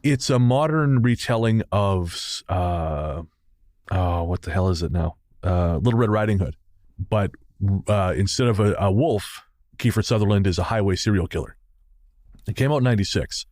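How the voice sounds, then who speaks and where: Low-voiced Canadian man, dry close sound. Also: moderate pace, darkish tone, no echo. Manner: laughs often, rambling with restarts. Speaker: podcast co-host. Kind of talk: casual chat.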